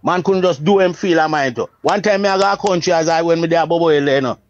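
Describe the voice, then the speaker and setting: Jamaican man, high voice, emphatic preacher, dry, muffled lo-fi sound. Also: quick pace, dry recording. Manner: emphatic, preacherly, often asks "you see what I say?". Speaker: Rastafari priest, guest. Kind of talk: religious reasoning, casual talk.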